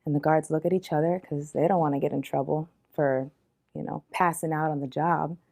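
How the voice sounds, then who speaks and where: A woman storyteller retelling a Bible story for young people in a lively, casual way. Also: deep voice, fairly quick, gravelly.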